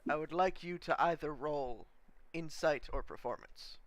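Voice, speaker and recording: A man narrating a tabletop game as game master, easygoing and quick to laugh at his own slips. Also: fairly high pitch, no room sound.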